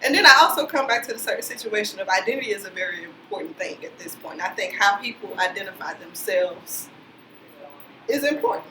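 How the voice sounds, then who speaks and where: A woman on a panel speaking in a measured, deliberate way. Her mid-pitched voice is bright and carries a roomy echo. Faint background noise sits behind her. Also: expressive. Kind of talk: panel discussion.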